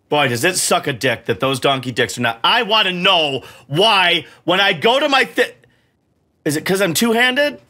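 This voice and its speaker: A man's voice: on the high side, expressive, normal speed, pushed and bright. A middle-aged man grumbling and cursing through his own gameplay, mocking himself as he plays. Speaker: gamer playing for the camera. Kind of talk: casual gameplay commentary.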